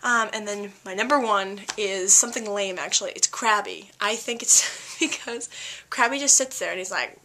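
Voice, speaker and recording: A woman's voice: mid-range voice, normal speed, bright, forceful tone, a little hiss or hum. A teenage woman vlogger chatting casually to camera, rambling, giggling and joking at her own expense. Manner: giggly, rambling, self-mocking.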